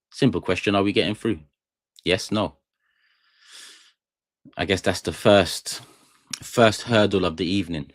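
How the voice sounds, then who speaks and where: Hosting a fan channel live stream, a young English man with a low voice rambles and jokes casually, addressing the chat directly. He's in a small studio room, and the recording is dry with clean studio sound.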